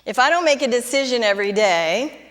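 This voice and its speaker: Woman pastor, middle-aged, high voice, conversational sermon with fervent peaks, long church-hall reverb. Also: animated, brisk, a bit bright. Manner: conversational preaching, rises to fervent emphasis. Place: church sanctuary.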